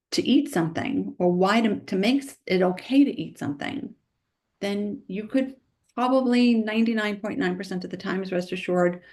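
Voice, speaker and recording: A woman nutritionist being interviewed, speaking emphatically and quickly, often tagging her points with "right?". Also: mid-range voice, darkish tone. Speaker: nutritionist guest. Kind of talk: conversational podcast interview.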